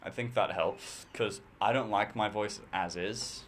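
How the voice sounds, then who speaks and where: Low-voiced teenage guy co-hosting a podcast. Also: measured pace, slight background noise. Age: teens. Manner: relaxed, self-deprecating, a bit hesitant with restarts. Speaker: podcast co-host. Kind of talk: casual podcast chat.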